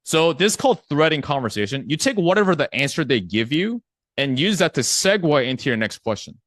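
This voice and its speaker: A man coaching a live online sales class, his pitch swinging up and down with lots of life. He talks casually, slips into the voices of prospects, and keeps checking in with his listeners. The sound is dry and close, with almost no room echo. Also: very animated, a little fast, fairly bright tone. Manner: conversational, acts out prospect replies, checks in with "right?".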